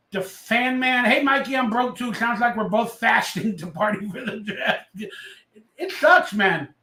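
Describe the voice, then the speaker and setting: A man hosting a casual livestream, loud and rambling, a little tipsy as he reads out chat messages. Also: high-pitched, reverberant. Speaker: livestream host.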